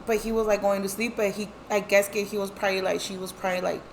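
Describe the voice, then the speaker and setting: She's a middle-aged woman recounting a family story as a guest telling her life story, fast and medium-pitched with little pitch movement, a little hiss or hum behind her. In casual conversation she switches between Spanish and English, performs each person's voice, swears a lot, and leans on fillers.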